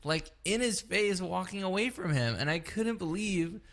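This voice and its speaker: A man's voice: sits high, lively intonation, normal speed, fairly bright tone. A man who co-hosts a podcast, telling a story in casual chat. He swears freely and acts out both sides of the story. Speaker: podcast co-host.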